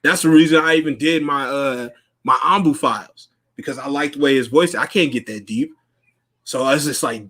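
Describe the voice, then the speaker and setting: A man's voice: fairly high pitch, normal speed, sharp tone. A man hosting a podcast in casual chat, loose and profane, laughing often. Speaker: podcast host.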